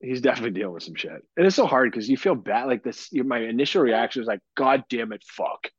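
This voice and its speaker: A man's voice: mid-range voice, lively intonation, racing, slightly rough, no echo. A blunt man in his thirties talks loosely, swearing as he goes and poking fun at himself. His voice sits mid-range, close and dead-dry, with a slightly muffled, lo-fi tone. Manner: blunt, swears freely, self-mocking. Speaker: podcast co-host. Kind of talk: casual chat. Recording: dry, dull lo-fi sound.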